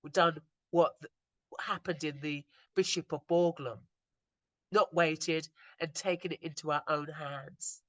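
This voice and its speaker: A woman slowly retelling moving stories in an earnest, reflective talk, often stopping and restarting her sentences. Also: low voice, no room sound. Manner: earnest, slow storytelling with frequent restarts. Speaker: inspirational speaker.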